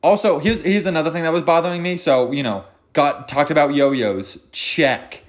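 Guy hosting his own podcast, kinda high voice, just riffing, jokey and swears a lot. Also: normal speed. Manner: rambling, joking, profane, self-mocking. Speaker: podcast host. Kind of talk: unscripted solo podcast ramble.

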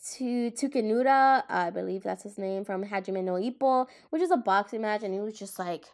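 A woman's voice: mid-range voice, normal speed. A woman chatting casually about anime, rambling, laughing and often stopping to correct herself. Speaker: anime vlogger. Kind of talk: casual chat.

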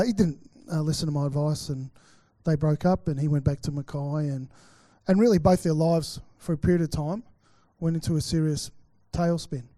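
Middle-aged Australian pastor, high-pitched, anecdotal preacher who acts out his quotes, dry close sound. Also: warm tone, dry recording. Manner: chatty storytelling, acts out quotes, many fillers. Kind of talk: sermon with personal stories.

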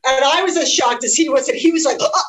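A woman's voice: sits high, fast talker, low-quality recording. A woman guest telling childhood stories in a laid-back, chuckling way during casual chat. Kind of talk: casual chat over drinks.

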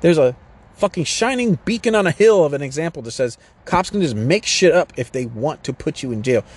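A man's voice: a little high, animated, a little fast, husky. A man ranting urgently in a casual, rambling way, swearing often and circling back to repeat his points. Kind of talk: casual rant to camera.

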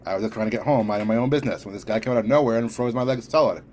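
A man's voice: fairly low pitch, rapid-fire, a little mellow, slight background noise, close to an everyday voice. Man doing a shaken, shifty street crook. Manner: nervous, stammering.

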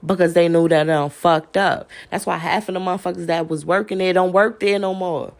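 A woman's voice: on the low side, fairly even intonation, a little fast. A woman ranting on a podcast, profane and confrontational, laughing between jabs. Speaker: podcast host. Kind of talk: heated solo rant.

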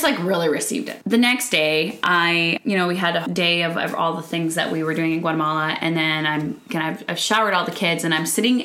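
Animated woman telling a faith story. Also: on the low side, echoey room. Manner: animated storytelling, acts out quotes. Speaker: podcast co-host. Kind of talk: casual faith chat.

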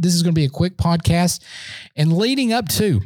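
A man hosting a solo sports podcast, talking in an excitable, boastful fan rant while standing in a room. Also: high voice, fairly quick, no echo.

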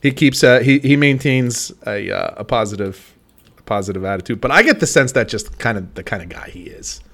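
A man co-hosting a casual sports talk show. He talks in a relaxed, rambling way, often restarting his sentences and hedging his picks. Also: mid-range voice, fairly quick. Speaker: sports podcast co-host.

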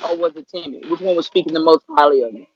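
A woman's voice: deep voice, fast, slightly rough. A woman in her thirties, a professional wrestler, chatting casually and playfully in an interview, full of slang. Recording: dull lo-fi audio.

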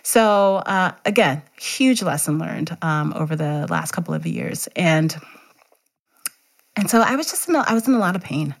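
Animated woman telling a story, laughing often. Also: fairly low pitch, normal speed. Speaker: guest, teacher and runner. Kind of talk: candid storytelling in conversation.

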